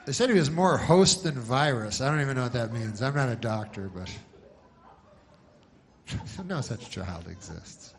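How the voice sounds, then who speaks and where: A man doing rambling stand-up comedy in a deadpan, meandering way. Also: mid-range voice, creaky. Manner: deadpan, meandering, slow-burn.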